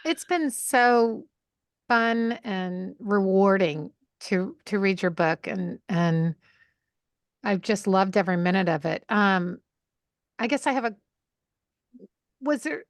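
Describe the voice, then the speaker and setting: A woman's voice: medium pitch, slow pace, long pauses, dry recording, clean studio sound. A woman co-hosting a podcast on a video call, friendly, asking questions and laughing often. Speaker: podcast co-host. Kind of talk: casual conversational interview.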